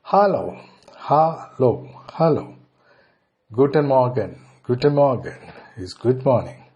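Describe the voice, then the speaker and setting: A man from India with an Indian English accent, teaching a beginner language lesson and slowly repeating each phrase before translating it. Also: medium pitch, animated, darkish tone, highs cut off.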